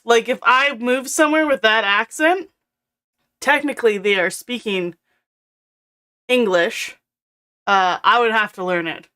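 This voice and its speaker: Slow-talking bright-voiced woman streamer. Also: on the high side, smooth. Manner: chatty, talks to her pet and viewers, laughs often. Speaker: video game streamer. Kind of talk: casual chat while gaming. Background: faint intro music.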